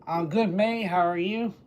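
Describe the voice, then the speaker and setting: A man's voice: high-pitched, a little mellow. Easygoing male streamer chatting with viewers. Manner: easygoing, greets viewers by name and answers their questions. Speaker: livestreamer and entertainer. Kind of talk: casual livestream chat answering viewer comments.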